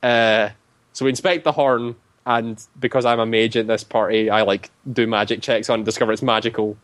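A man's voice: on the low side, steady tone, a little fast, a bit bright, no echo. Rambling man telling a game story. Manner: rambling, heavy use of "like" fillers. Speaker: tabletop game player. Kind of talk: casual storytelling.

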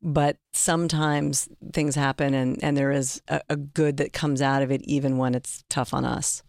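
Casting: woman host, gravelly low-edged voice, dry close sound, chatty interviewer. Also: flat delivery, normal speed, dry recording. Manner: warm, conversational, retells stories. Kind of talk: podcast interview.

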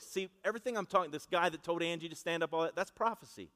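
A man's voice: on the high side, a little fast, a bit bright. A man preaching a sermon in a conversational, storytelling way, asking the congregation to repeat after him. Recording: long reverb of a large hall.

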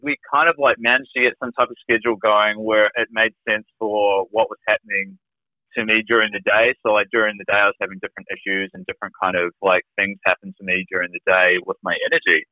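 A man's voice: lowish voice, flat delivery, fast talker, no echo. A man, a guest on an interview, telling his own story in a rambling, casual way, full of "like" fillers. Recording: tinny phone-like remote call audio.

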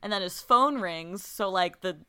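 A woman's voice: medium pitch, moderate pace, bright, forceful tone, clean tone. A woman casually recapping a film's plot for a podcast, with lots of "like" fillers. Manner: laid-back storytelling with frequent "like" fillers and laughs. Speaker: podcast co-host recapping a film. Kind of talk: casual chat.

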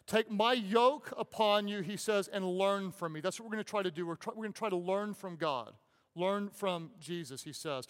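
Male pastor, fervent sermon delivery, slightly higher voice, long church reverb. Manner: impassioned, repeats phrases, drops to soft pauses.

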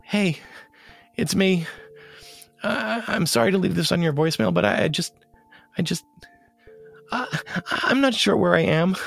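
Man, gravelly voice, halting stammer, emotional scripted memoir narration, faint music behind. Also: high voice, a bit bright. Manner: emotional and urgent. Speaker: narrator of his own story.

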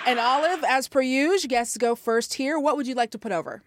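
A woman's voice: sits high, fairly quick, very noisy. A woman hosting a podcast, casual and joking with upbeat asides. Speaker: podcast host.

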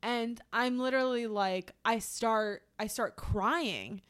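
Smooth-voiced young woman telling a story. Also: a little high, slow pace, a bit bright. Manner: rambling, heavy use of "like", restarts. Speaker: podcast co-host. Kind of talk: casual storytelling chat.

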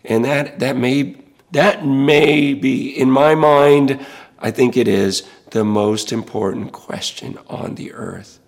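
A man's voice: mid-range voice, takes it slowly, vocal fry. A middle-aged male pastor speaking in an earnest, preaching style, impassioned and pleading, repeating words as he builds.

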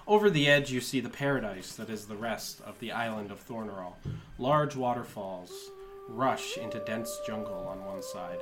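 A man running a tabletop fantasy game as game master, reading scene descriptions and bantering with his players. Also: mid-range voice. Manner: laughing, swearing banter between descriptive narration.

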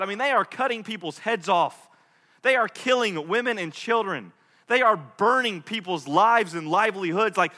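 A man preaching a sermon as a pastor, swinging between loud, lively stretches and hushed, intimate ones. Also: sits high, long reverb tail.

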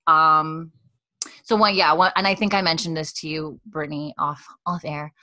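This woman has a lowish, bright, forceful voice. She co-hosts a relaxed podcast and reads listener notes between bursts of giggling. She talks in loose, chatty stretches. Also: dry recording. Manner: chatty and giggly, quick to laugh. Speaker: podcast co-host reading listener messages. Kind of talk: casual podcast chat.

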